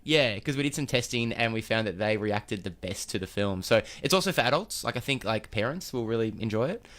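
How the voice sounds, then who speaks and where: A man's voice: on the low side, expressive, a little fast, fairly bright tone. Hesitant man, losing his voice. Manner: hesitant, lots of ums and restarts. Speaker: film director. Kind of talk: casual radio interview guest. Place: radio studio. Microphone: studio microphone.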